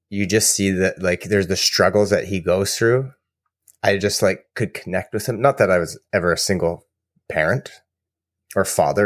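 A man co-hosting a podcast, telling rambling, animated stories in casual chat. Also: low voice, dry recording, studio quality. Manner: rambling, animated storyteller with fillers. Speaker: podcast co-host.

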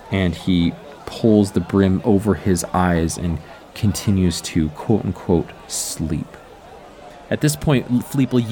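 A man running a tabletop game as game master, narrating scenes in a drawn-out, descriptive way with chuckles. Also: deep voice, darkish tone, a little hiss or hum.

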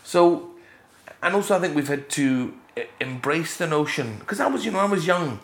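A middle-aged Scottish man, a guest in a casual interview, telling stories with lively jumps in pitch. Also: normal speed, gravelly, roomy sound. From Scotland. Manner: animated storyteller, leaps up in pitch for emphasis.

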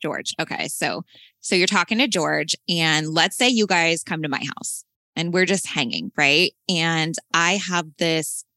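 A woman's voice: low-pitched, unhurried, pushed and bright, dry recording. A woman host rambling through a long story in casual chat, full of fillers and laughter.

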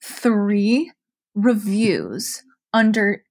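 A young woman co-hosting a podcast, telling a story in a casual, animated way that is full of swearing and "like". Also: mid-range voice, extremely slow. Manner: animated, profane, lots of "like". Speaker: podcast co-host.

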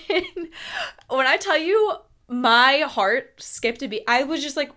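A young woman in her twenties, a podcast host telling a personal story in a casual, animated way, laughing often and using lots of fillers. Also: high voice, slow pace.

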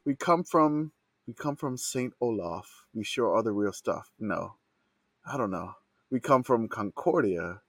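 Lively, laughing man in casual chat. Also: on the low side, a little slow, no echo. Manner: laughs a lot, hesitant restarts. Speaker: podcast co-host.

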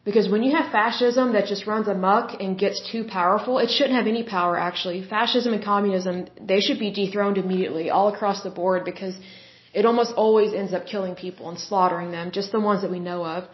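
A woman's voice: mid-range voice, fairly even intonation, brisk, reverberant, lo-fi sound. A woman hosting a solo podcast, giving her opinions in a rambling way with many fillers. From United States. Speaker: podcast host.

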